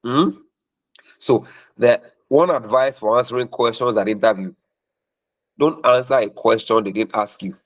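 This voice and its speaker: A man's voice: mid-range voice, unhurried, pauses often, highs cut off. A man talking as a career mentor in a question-and-answer session, emphatic and preachy, repeating points for stress.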